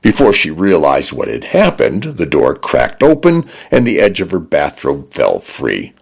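A man narrating radio stories in a measured, expressive reading. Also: a bass voice, vocal fry, breathy edge. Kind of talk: scripted narration.

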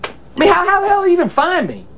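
An actor playing a frustrated grown son who delivers pizzas, speaking in an exasperated, whiny way, heard in a film clip. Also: male voice, very high-pitched, huge pitch swings, quick pace, a bit bright, dull audio, exaggerated voice.

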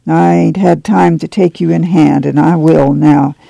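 A firm, no-nonsense farm mother , as a male narrator puts her on in a storybook reading. She talks plainly in a drawl, in a dark, gravelly voice. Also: low-pitched, steady tone, unhurried, no echo, exaggerated voice. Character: stern, steady mother of a poor farm family.

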